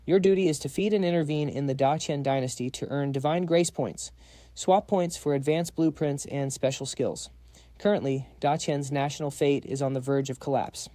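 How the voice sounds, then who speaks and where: A cold robotic system voice makes flat announcements, as a man narrating a story puts it on. The tone is mellow and dry, recorded close. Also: a little high, moderate pace, dry recording, lightly acted.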